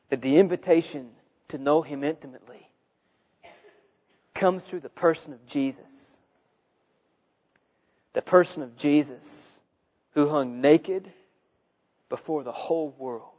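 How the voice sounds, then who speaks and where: A man's voice: on the high side, dull audio. A man preaching a sermon, telling a story and acting out the voices in it. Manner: animated, acts out voices in his story.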